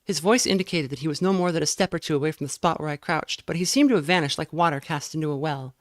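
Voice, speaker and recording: Woman reading a novel aloud live, measured, trips on words sometimes, dry sound. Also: low-pitched, no echo. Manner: measured reading with occasional slips and corrections. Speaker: reader.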